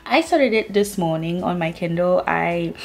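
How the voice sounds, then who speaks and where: A woman's voice: on the low side, animated, normal speed, gravelly, a little mellow, soft background music. A woman vlogging about her reading in casual chat, gushing and full of "like" fillers. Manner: chatty, gushing, many "like" fillers. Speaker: book vlogger.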